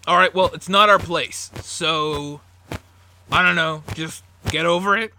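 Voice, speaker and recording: A man voicing a gruff, dismissive gang leader with a put-on Southern accent, in a tabletop game. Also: mid-range voice, measured pace, slight background noise, poor audio. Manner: brusque, impatient, louder than his narration. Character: gruff adult male bird-folk gang leader, dismissive.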